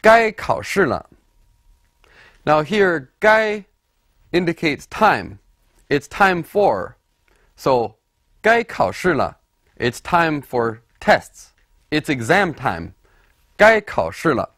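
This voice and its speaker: A man narrating a scripted language lesson, explaining deliberately and repeating example words for the listener. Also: a little high, sing-song, fairly bright tone, no echo, clean studio sound. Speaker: language teacher.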